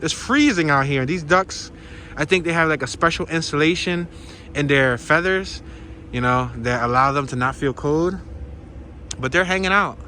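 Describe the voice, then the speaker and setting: A man's voice: fairly high pitch, normal speed, pushed and bright, a little hiss or hum. A man vlogging casually on a walking tour outdoors by a pond, playful and slangy as he jokes around. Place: outdoors by a pond in cold weather.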